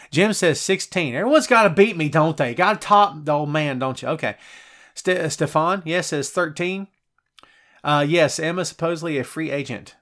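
A middle-aged man hosting a live show, reading out chat messages and wisecracking in an animated, conversational way. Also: a little high. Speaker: podcast host.

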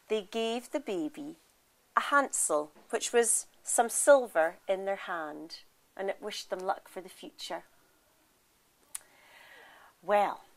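A woman with a Scottish accent telling a folk tale aloud, expressive and lively, speaking straight to her listeners. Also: mid-range voice. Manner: lively, expressive, addresses the audience. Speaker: storyteller. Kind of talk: oral storytelling.

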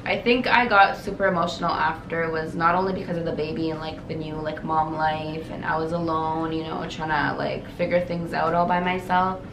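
A woman's voice: deep voice, steady tone, normal speed, hardly any pauses. Chatty young woman in an echoey room. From Canada. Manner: chatty, lots of "like" and "you guys". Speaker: vlogger. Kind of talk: casual chat. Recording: echoey room with faint noise.

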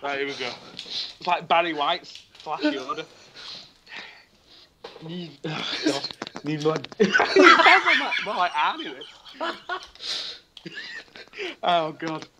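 A man's voice: a little high, sing-song, slow, pauses often, very noisy. A man co-hosting a podcast, giggly, flustered and self-mocking, with a tickly throat that makes him cough. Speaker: podcast co-host. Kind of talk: casual podcast banter.

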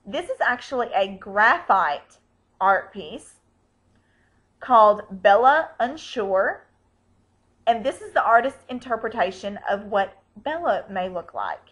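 A woman's voice: mid-range voice, animated, slow, fairly bright tone, poor audio. A woman hosting a fan vlog, chatting casually in a bubbly, gushing way. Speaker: vlog host.

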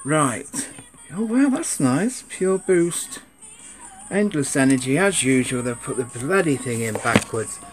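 A man's voice: mid-range voice, very animated, unhurried, over music. A man giving a casual, rambling unboxing chat, grumbling and swearing at his camera. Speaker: sneaker vlogger.

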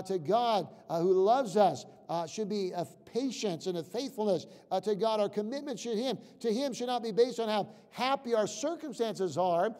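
High, gravelly-voiced preacher man. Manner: preaching with repetitions and acted prayers; drops to a hush for prayers, rises loud when driving a point. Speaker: pastor. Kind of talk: sermon. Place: church sanctuary. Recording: reverberant church hall.

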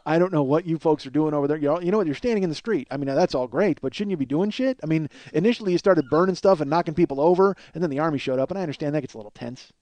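A man's voice: on the high side, very fast, few pauses, darkish tone, no echo. A man in his forties hosting a podcast, rambling through a crude comedic monologue, mocking himself and laughing at his own jokes. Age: 40s. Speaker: podcast host.

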